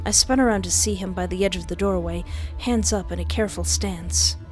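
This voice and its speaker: A woman's voice: lowish voice, a little fast, soft background music. Emotional woman reading a game story aloud. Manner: dramatic reading broken by excited, tearful reactions. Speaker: gamer reading a visual novel aloud. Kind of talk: narrating and reacting to a story game.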